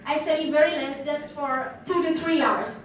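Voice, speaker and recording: High-voiced Indian teen girl in echoey hall. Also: fairly even intonation, normal speed, recorded from a distance. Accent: Indian English. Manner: earnest, repetitive, with frequent uh fillers. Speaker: student speaker. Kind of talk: delivered speech to an audience. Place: large event hall.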